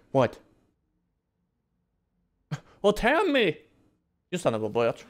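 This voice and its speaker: A man's voice: a little high, wildly swooping pitch, takes it slowly. A young man giving casual gameplay commentary, brash and joking, swearing often and talking back to the game. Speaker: gaming video host.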